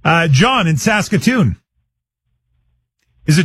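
Upbeat guy hosting a call-in radio quiz, kinda husky, lively pitch, dry studio sound. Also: moderate pace, no room sound. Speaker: radio talk show host.

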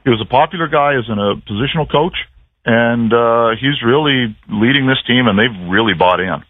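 A man's voice: mid-range voice, normal speed, no room sound. A man on a narrow, tinny phone line tells stories in a chatty, self-deprecating way. He is a broadcaster calling in to a radio talk show. The sound is dry and close. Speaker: play-by-play broadcaster, phone-in guest. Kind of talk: casual radio phone interview.

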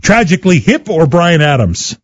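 A man hosting a casual chat and quizzing his guest, upbeat and quick to laugh. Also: on the high side, big pitch swings, no echo, dull audio. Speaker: radio show host interviewing a guest.

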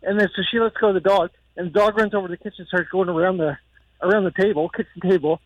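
A man's voice: sits high, fairly even intonation, fast, dry recording, muffled recording. A middle-aged man calling in to a radio show on the phone, chatty and laughing as he tells a story. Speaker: radio caller. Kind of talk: casual storytelling.

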